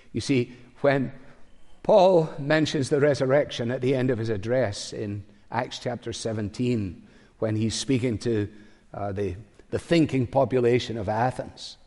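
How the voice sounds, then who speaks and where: An older man, a pastor, preaches to a congregation in a mid-range voice with a darkish tone. His delivery is conversational, sprinkled with wry, humorous asides, and a long hall reverb surrounds the recording.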